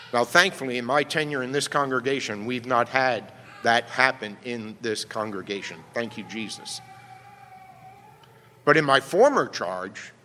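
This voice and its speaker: A man's voice: medium pitch, bright, forceful tone, a little hiss or hum. Emphatic preacher man in a reverberant hall. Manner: emphatic, asks "right?" often. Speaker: pastor. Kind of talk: sermon.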